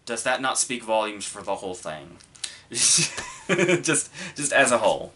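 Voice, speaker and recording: A man's voice: medium pitch, big pitch swings, measured pace, bright, forceful tone, slight background noise. A man hosting a movie review podcast, talking casually and rambling, with many ums, restarts and curse words.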